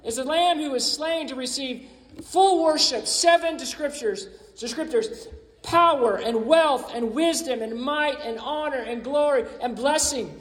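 High-voiced pastor in an echoey hall. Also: male voice, unhurried, a bit bright. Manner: reads scripture aloud and breaks in with asides. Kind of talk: sermon and closing prayer. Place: church sanctuary. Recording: echoey hall, speaker far from mic.

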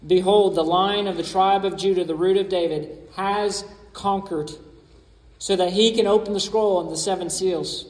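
A man's voice: high voice, fairly even intonation, moderate pace. A male pastor preaching from scripture, breaking in with short asides, then leading a prayer. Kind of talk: sermon and closing prayer. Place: church sanctuary. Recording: echoey hall, speaker far from mic.

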